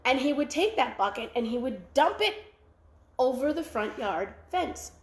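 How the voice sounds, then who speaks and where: A woman telling a traditional folktale aloud at a library, animated and full of sound effects. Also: high voice, a little slow, roomy sound. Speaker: library storyteller.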